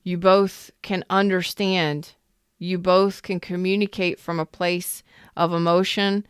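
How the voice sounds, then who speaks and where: A woman's voice: lowish voice, flat delivery, takes it slowly, clean tone, dry recording, clean studio sound. A woman hosting a live tarot reading, casual and emphatic, repeating phrases and chatting with viewers. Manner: talks to viewers in the chat.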